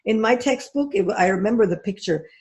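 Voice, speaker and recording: A woman's voice: mid-range voice, expressive, brisk, darkish tone. A woman astrology teacher lecturing in a live class, telling stories in a chatty way with many fillers.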